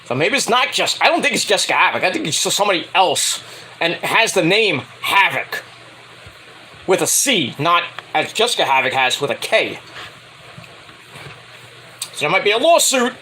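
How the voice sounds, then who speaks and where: Excitable high-voiced man reviewing wrestling. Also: normal speed, long pauses, a little hiss or hum, low-quality recording. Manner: rambling, excitable, swears freely. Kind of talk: casual spoken review.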